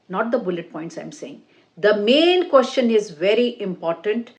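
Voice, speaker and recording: A woman teaching an online English speaking-test lesson, stressing key words with a deliberate, sing-song delivery and direct appeals to viewers. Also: on the high side. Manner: slow, repetitive phrasing with direct appeals to viewers.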